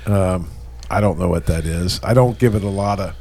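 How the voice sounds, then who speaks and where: Low-voiced rambling man. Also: normal speed, warm tone. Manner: rambling, many fillers. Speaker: podcast co-host. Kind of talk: casual chat.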